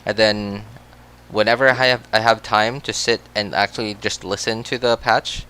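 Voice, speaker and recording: A man's voice: lowish voice, fairly even intonation, moderate pace, bright, forceful tone, clean tone. A man chatting casually on a game livestream, rambling with many restarts and frequent laughs. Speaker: game streamer.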